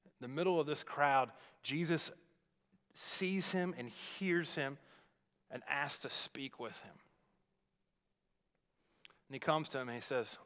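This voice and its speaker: A pastor preaching a sermon, retelling a scripture story in a conversational, explaining way. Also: male voice, medium pitch, a little slow, long pauses, fairly bright tone, clean tone. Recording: long reverb of a large hall.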